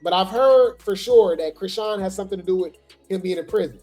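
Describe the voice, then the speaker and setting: A woman's voice: mid-range voice, brisk, dark tone, soft background music. A woman hosting a casual gossip commentary livestream, talking straight to her viewers. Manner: chatty, talks straight to the viewers. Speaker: host of a gossip commentary show.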